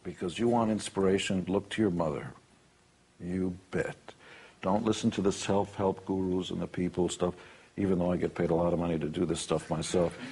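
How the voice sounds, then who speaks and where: Interviewee, male, deep husky voice, brags bluntly and jokes between motivational anecdotes. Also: fairly even intonation, moderate pace, mellow. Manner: boastful, blunt and joking.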